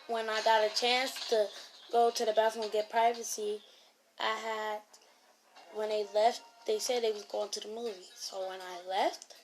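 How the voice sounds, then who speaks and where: High-voiced woman rambling through a story. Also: flat delivery, normal speed, soft background music. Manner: rambling retelling with raised voice when quoting others. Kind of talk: casual storytime about an online game.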